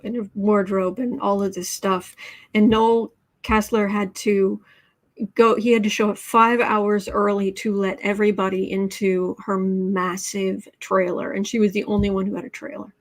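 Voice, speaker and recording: A woman talking through a livestream tarot reading, chatting with her viewers and reading their comments aloud. Her voice sits in a middle pitch, and her delivery is casual and chatty with dry, sarcastic asides. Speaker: tarot reader host.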